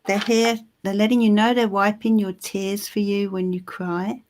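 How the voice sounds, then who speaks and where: A woman giving a live psychic reading, soothing and reassuring, with frequent pauses and restarts. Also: mid-range voice, little pitch movement, a little mellow, a little hiss or hum. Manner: soothing, reassuring, calls the listener "my love"; halting, with many ums and restarts. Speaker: tarot reader.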